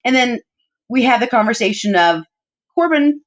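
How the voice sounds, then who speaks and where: A woman's voice: a little high, animated, normal speed. A woman, a podcast guest, telling personal family stories in a chatty, heartfelt way, with plenty of "like" and "you know" fillers. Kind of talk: personal storytelling in conversation. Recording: dull muffled audio.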